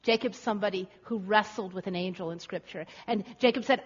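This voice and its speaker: A woman's voice: medium pitch, fairly quick, few pauses, breathy edge. A woman preacher giving a dramatic, rhetorical sermon with building emphasis. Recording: echoey hall, slightly dull.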